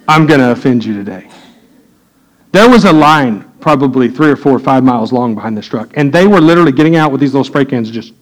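A man preaching a sermon as pastor in a church, telling a story in low asides and rising into high, urgent preaching. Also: low-quality recording. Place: church sanctuary.

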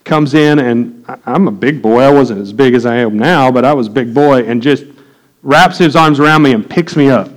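A man's voice: medium pitch, normal speed, rough recording. A middle-aged man preaching a sermon, telling a candid personal story that builds to impassioned preaching. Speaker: pastor.

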